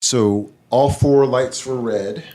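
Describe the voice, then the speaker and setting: A man, a podcast guest, retelling a personal story in a lively, casual way. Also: mid-range voice, slow. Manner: animated, vivid retelling.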